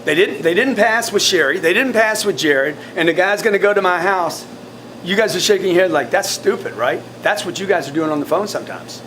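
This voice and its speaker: A man coaching his sales team in a blunt, forceful way, often repeating words. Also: sits high, fairly quick, slight background noise. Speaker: sales trainer.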